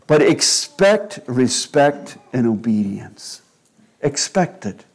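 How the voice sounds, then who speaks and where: Guy preaching a sermon real slow and earnest, regular mid voice. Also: medium pitch, sing-song. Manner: slow, measured, earnest delivery with quiet asides. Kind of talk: sermon on child-rearing.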